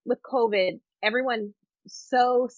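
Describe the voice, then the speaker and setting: A woman hosting a podcast conversation, talking in an animated, candid way and laughing easily. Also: on the high side, takes it slowly, no room sound. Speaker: podcast host. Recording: dull, dry lo-fi audio.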